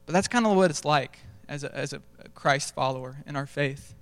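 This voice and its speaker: Young man, casual storytelling preacher, fairly high clear voice, long church-hall reverb. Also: moderate pace, a bit bright. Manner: self-deprecating storytelling, conversational. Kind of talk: sermon. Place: large church stage.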